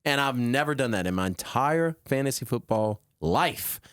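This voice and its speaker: A man of medium pitch who hosts a podcast and DJs speaks at normal speed in a smooth voice. He chats casually and tells lively stories, acting out how his friends talk, in a dry studio-quality recording.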